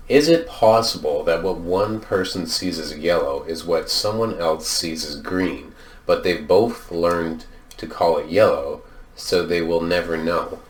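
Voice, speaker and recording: A man's voice: a bass voice, echoey room, far from the mic. A man co-hosting a podcast who muses in a dry, offhand way and swears casually. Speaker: podcast co-host. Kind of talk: casual chat.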